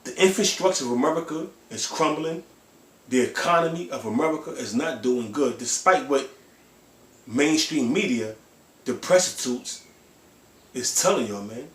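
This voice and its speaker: A man's voice: mid-range voice, expressive, normal speed, a bit bright. Fiery preaching man, echoey room. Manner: emphatic, fiery, ends phrases with "man"; blunt and profane. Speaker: preacher on a livestream. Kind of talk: impassioned religious preaching.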